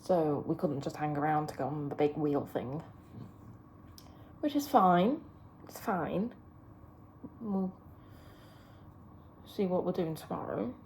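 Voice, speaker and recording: A woman's voice: fairly low pitch, darkish tone, a little hiss or hum. A woman vlogging from a hotel room, rambling chattily with plenty of fillers. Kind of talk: casual chat to camera.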